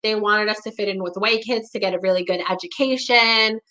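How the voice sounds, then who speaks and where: A young woman from the New York area speaking candidly in conversation, blunt and profane, with a steady stream of "like" and "you know". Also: medium pitch, fairly quick, low-quality recording. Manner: blunt, profane, heavy use of "like".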